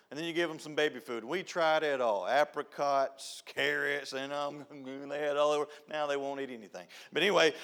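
A man's voice: on the high side, fairly bright tone. Folksy older man preaching a church talk. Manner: folksy, storytelling, repeats phrases. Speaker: youth director.

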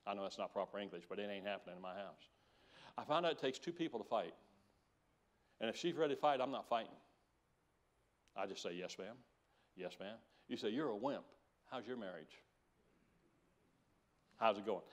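An older man in his seventies preaches in a folksy, joking way. He tells animated stories, and his voice swings from low, quiet asides up to high, loud bursts. His pitch sits in the middle for a man. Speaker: pastor. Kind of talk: sermon.

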